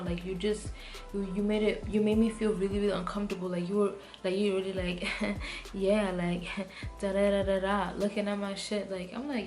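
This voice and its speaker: Over background music, a young female vlogger gives a casual storytime monologue that's heated, profane and rambling, crowded with "like" and restarts. Her medium-pitched, darkish voice keeps fairly even intonation at a moderate pace.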